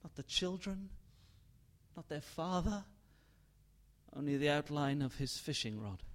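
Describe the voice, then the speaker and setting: A man narrating a dark tale in a slow, deliberate, hushed storytelling manner. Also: a little high, lively intonation.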